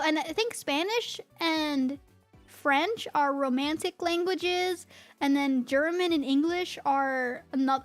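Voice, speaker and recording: High-pitched girl streamer rambling excitedly, lots of giggles, faint music under her. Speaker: VTuber streamer. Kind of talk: casual chat with viewers.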